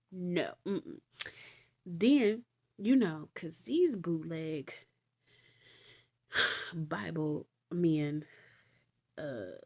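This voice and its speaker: Animated, slangy woman storyteller. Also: fairly low pitch. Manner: animated, slangy, exasperated asides. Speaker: vlogger retelling Bible stories. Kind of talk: casual storytelling.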